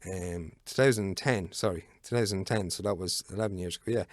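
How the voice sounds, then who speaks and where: A deeper-voiced Irish man in his thirties tells a long story as a podcast guest. He rambles, swears freely and fills gaps with ums. The recording sounds close and dry. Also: brisk, no echo. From Ireland. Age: 30s. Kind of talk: casual storytelling.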